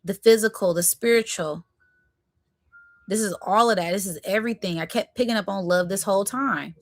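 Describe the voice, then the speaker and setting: A woman leads a live spiritual tarot reading, repeating affirmations and breaking into excited bursts. Her voice sits at a middle pitch. It sounds dry and close, with little room sound. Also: normal speed, no room sound.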